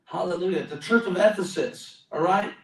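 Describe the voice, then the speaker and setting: A man preaching a sermon in a church, his somewhat high voice bouncing around a roomy hall. He stands back from the microphone. He is exclamatory and keeps calling on the congregation to answer him. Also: normal speed. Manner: exclamatory, calls for audience responses. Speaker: pastor. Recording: roomy echo, mic at a distance.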